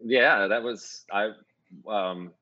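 A man with a husky, somewhat low voice spins jokey anecdotes in a relaxed interview, restarting sentences as he goes. The recording is dull and lo-fi, with a dry, close sound. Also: slow, no echo. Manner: jokey, animated storyteller with many restarts. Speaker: music producer and voice coach. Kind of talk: casual interview storytelling.

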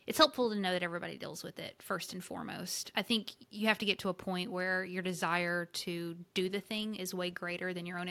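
A woman in her forties co-hosting a casual podcast chat, energetic and playful as she tells stories. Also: fairly low pitch. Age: 40s. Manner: energetic, playful, animated storytelling. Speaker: podcast co-host.

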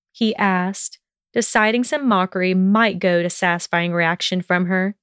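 A woman narrating a story in a measured, steady reading voice. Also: fairly low pitch, smooth, no room sound, studio quality.

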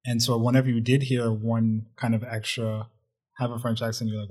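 A man's voice: medium pitch, monotone, brisk, a little mellow, breathy edge. A man co-hosting a casual movie review chat, telling the plot in a joking, wry way. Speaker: podcast co-host.

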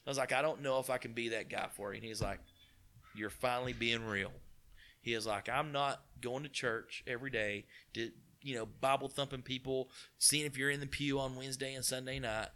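A man from East Tennessee with a local accent, telling his career story in a folksy, animated way with quoted dialogue. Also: medium pitch, fairly quick. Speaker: car dealership partner. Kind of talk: casual storytelling interview.

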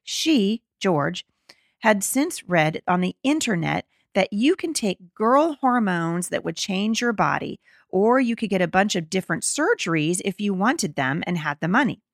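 A woman's voice: medium pitch, sing-song, measured pace, gravelly, no room sound, studio quality. A middle-aged woman hosting a podcast, reading an article aloud and commenting on it, indignant and emphatic, often stumbling and restarting. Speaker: podcast host.

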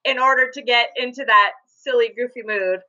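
A woman's voice: on the high side, moderate pace, sharp tone. A woman hosting a casual chat among mothers, upbeat and giggly. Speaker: podcast host. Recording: dull lo-fi sound.

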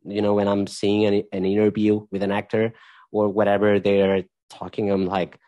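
A man's voice: fairly low pitch, monotone, normal speed, dark tone, no room sound, highs cut off. A man speaking as a podcast guest in a casual interview, thoughtful and searching for his words as he talks. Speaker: podcast guest, tech executive and dance teacher.

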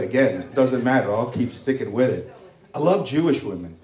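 A man's voice: medium pitch, darkish tone. A man in his thirties doing a stand-up comedy set, loose and rambling, crude, slipping into mocking voices. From Morocco. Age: 30s. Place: comedy club stage. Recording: roomy club sound from a distance.

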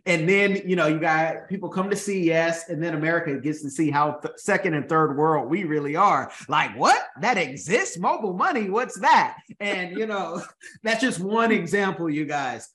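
Joking man interview host, high-ish voice, echoey room. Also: moderate pace. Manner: lively, joking, talks to listeners as "you guys". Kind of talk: casual interview.

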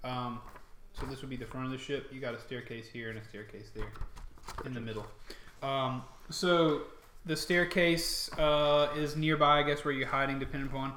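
A man's voice: medium pitch, fairly even intonation, moderate pace, bright, forceful tone, slight background noise. A man narrating as game master in a tabletop game, hesitant and full of fillers. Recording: echoey room.

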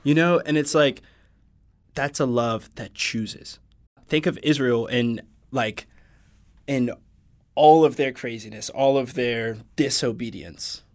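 A man's voice: mid-range voice, slow pace. A man in a casual podcast conversation, earnestly quoting and unpacking scripture. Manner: earnest, quotes scripture at length. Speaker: podcast guest. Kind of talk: casual faith discussion.

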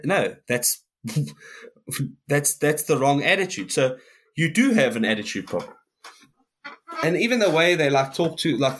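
A man, co-hosting a podcast, ranting heatedly in casual chat and swearing often. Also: mid-range voice. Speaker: podcast co-host.

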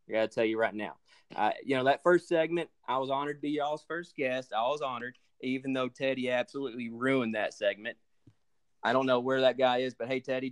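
A man's voice: mid-range voice, clean tone. Blustering man doing theatrical trash talk. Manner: theatrical, stammering, building to blustery outbursts. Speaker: podcast guest. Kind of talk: mock-angry fantasy league trash talk.

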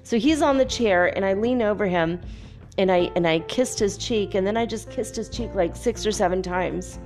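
A woman's voice: moderate pace, darkish tone, soft background music. A young woman telling a story in a casual monologue, dreamy and full of "like" fillers. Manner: dreamy, many "like" fillers, quotes others in a higher voice. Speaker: spiritual vlogger.

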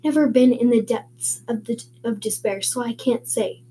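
A woman's voice: on the high side, moderate pace, slight background noise, close to an everyday voice. A woman voicing a stern older farm woman who speaks curtly and sharply. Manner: curt, sharp.

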